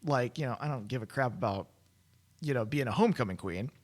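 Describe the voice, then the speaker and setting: A man's voice: mid-range voice, animated, a little fast, noisy background. A young man co-hosting a podcast in casual chat, laid-back and laughing often. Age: young adult. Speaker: podcast co-host.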